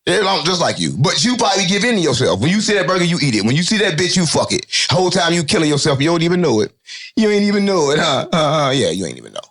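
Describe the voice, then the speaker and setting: Animated high-pitched man, rapid street talk. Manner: animated, swearing, jokey, repeats catchphrases. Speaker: interview guest.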